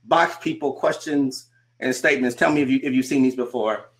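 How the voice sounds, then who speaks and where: A man, a coach, giving a motivational talk to a remote audience. He repeats his points and asks the listener rhetorical questions, slowing down to stress key phrases. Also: mid-range voice. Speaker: coach and conference speaker. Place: speaking remotely to a virtual audience.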